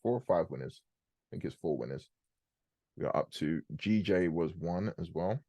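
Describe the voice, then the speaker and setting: Brief: young male host, very low voice, dry close sound, quick casual trading talk. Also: animated, warm tone, dry recording. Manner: fast, casual and explanatory, slangy. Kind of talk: live trading commentary on a group call.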